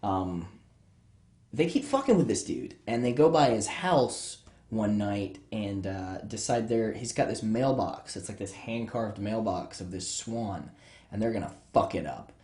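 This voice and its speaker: A man's voice: fairly low pitch, lively intonation, measured pace, darkish tone. A young man recapping a children's horror book for laughs, rambling, sarcastic and swearing freely. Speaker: podcast host. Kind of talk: profane comedic book recap. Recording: roomy echo.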